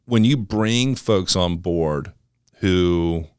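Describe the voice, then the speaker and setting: Deep-voiced relaxed male podcast host. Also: very slow, clear, resonant tone, no room sound, studio quality. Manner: relaxed, rambling, lots of fillers and restarts. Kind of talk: casual interview conversation.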